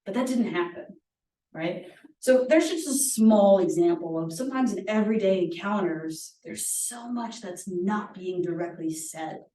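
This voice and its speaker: A woman's voice: medium pitch, a little slow, dark tone. A woman leading a workshop, teaching conversationally with personal stories, earnest and chatty, often asking "right?". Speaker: workshop presenter. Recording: roomy echo, distant mic.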